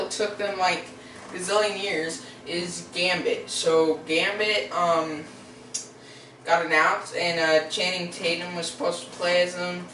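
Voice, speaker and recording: A high, fairly bright voice belongs to a teenage boy hosting a casual vlog, hesitant and rambling with lots of fillers and restarts. The mic sits at a distance, picking up roomy echo and faint background noise.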